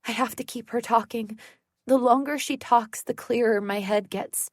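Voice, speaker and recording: Woman audiobook narrator, tense first-person thriller read, slow pace, dry sound. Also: on the high side, level tone, no room sound.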